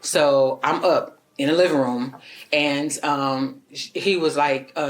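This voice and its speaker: A woman neighbor giving a halting, hesitant account to police in an interview room. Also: deep voice. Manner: hesitant, halting retelling with fillers. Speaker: witness, neighbor.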